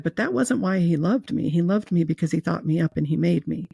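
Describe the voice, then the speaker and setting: Woman guest, heartfelt storyteller, gravelly fry in her voice, close and dry. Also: lowish voice, fairly quick, mellow, no echo. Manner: earnest, emotional, with fillers and restarts. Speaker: guest telling her near-death experience. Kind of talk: personal storytelling in an interview.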